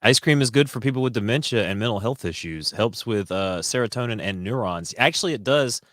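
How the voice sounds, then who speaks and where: A man with a fairly low voice who co-hosts a podcast and cracks sarcastic jokes, stumbling over fillers in between. The sound is dry and close to the mic. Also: animated, a little fast, a bit bright, dry recording. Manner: sarcastic joking. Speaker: podcast co-host. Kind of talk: casual chat.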